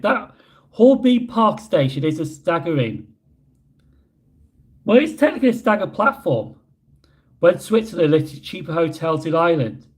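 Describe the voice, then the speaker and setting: Chatty young man, fairly high voice. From Yorkshire, England. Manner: chatty, rambling, laughs at own slips. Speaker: livestream host. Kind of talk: casual livestream chat reading comments. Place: hotel room.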